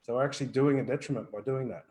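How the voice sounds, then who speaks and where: A man's voice: mid-range voice, rapid-fire, darkish tone, rough recording. A man co-hosting a live question-and-answer stream, talking bluntly and swearing freely about feelings and energy healing. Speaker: energy healer co-host. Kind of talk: live Q&A chat.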